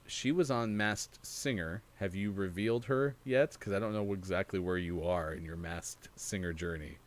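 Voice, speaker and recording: A man hosting a gaming morning show, chatting casually and rambling with laughs. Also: deep voice. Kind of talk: casual chat. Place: studio.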